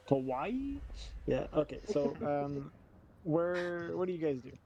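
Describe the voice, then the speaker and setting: A man acting as game master of an online tabletop game, laughing often and using lots of fillers. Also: fairly high pitch.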